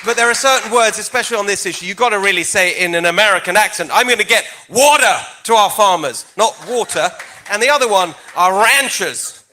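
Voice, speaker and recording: Bright-voiced British man debating. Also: high-pitched. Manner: energetic, jokey, emphatic. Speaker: candidate in a debate. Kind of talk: campaign debate answer.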